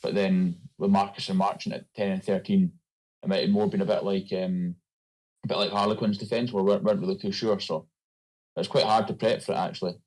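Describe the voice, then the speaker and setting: Scottish sports guest, young man, low-ish voice, rapid relaxed chat, lots of fillers. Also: poor audio. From Scotland. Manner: laid-back, loose, with many fillers. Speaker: guest, rugby player. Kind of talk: casual interview chat.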